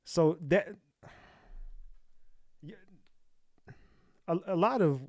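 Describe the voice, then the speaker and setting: Casting: man in the host chair, slightly high voice, dry close sound, mocking and blunt, heavy slang. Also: animated, extremely slow, a little mellow, no room sound. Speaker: commentary host. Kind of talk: casual reaction commentary.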